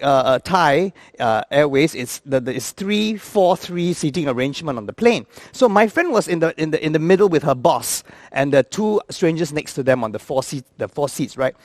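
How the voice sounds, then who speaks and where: A man, telling comic travel stories in an animated, playful way and acting out the characters. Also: fairly high pitch, no echo, studio quality. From Singapore. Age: 50s. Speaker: actor. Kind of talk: comic storytelling.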